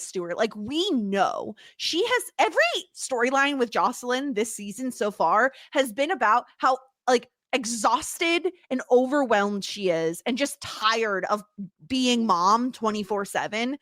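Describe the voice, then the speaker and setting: A woman's voice: on the high side, no room sound, clean studio sound. A woman from the United States co-hosting a podcast in casual chat, laughing often. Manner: chatty, laughing, lively asides. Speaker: podcast co-host.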